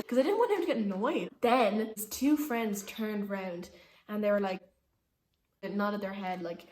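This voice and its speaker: A young woman tells a story in a casual, chatty way, leaning on "like" and slipping in little laughs. Her voice sits in a middle pitch. The room around her has a noticeable echo. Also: moderate pace, a little mellow. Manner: chatty, frequent "like", laughing asides. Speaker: vlogger. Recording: roomy echo.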